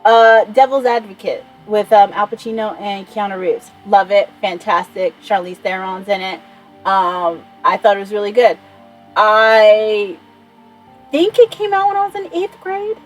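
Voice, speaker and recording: A woman's voice: medium pitch, measured pace, soft background music, rough recording. A woman in her thirties rambling in a casual vlog chat, enthusiastic and swearing freely. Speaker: vlogger.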